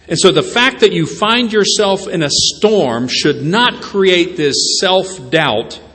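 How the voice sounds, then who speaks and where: A male pastor delivers a sermon in a church sanctuary, his voice carrying a long echo through the hall. He sits a little higher than most men and moves between hushed, drawn-out lines and quick, lively passages where he acts out the voices in the story. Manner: animated preaching, acts out voices of Jesus and the disciples.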